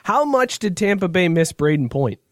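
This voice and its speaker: A man's voice: sits high, sing-song, moderate pace, fairly bright tone, dry recording, studio quality. A man hosting a casual sports podcast, joking and laughing often, also reading ads. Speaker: podcast host. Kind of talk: casual chat and ad read.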